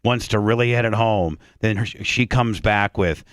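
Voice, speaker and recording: A man's voice: lowish voice, normal speed, few pauses, a bit bright, no echo. Male radio host, casual rambling talk, dry close studio sound. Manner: rambling, many restarts.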